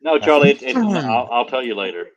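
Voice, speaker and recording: A man's voice: medium pitch, huge pitch swings, brisk, dull audio, a little hiss or hum. A man chatting casually on a livestream call, telling stories and laughing often. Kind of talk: casual chat.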